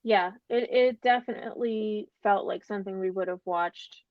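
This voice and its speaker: A woman's voice: medium pitch, moderate pace, no room sound, distant mic. A woman guest on a podcast, chatting casually and laughing often, heard through a dull remote microphone. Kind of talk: casual chat.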